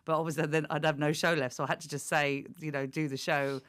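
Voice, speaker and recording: A woman in her forties with a fairly low voice tells stories from her comedy career as a podcast guest. She is lively, laughs often and acts out other people's lines as she goes. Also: fast talker. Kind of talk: casual podcast chat.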